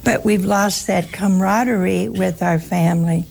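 A woman's voice: medium pitch, fairly even intonation, normal speed, creaky, a little mellow. An older woman, a religious sister, gives an informal talk to an audience, telling stories in a folksy, joking way.

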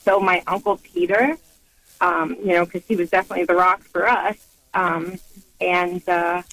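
A woman with a rather low voice calls in to a radio show over a phone line. She speaks hesitantly and fills her sentences with ums and uhs. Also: normal speed, a bit bright, no room sound. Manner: hesitant, many fillers. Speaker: caller.

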